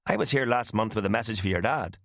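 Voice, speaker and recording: A man's voice: lowish voice, fast talker, no echo, clean studio sound, lightly acted. Man doing a cheeky, impudent sidekick. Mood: teasing. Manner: impudent, teasing.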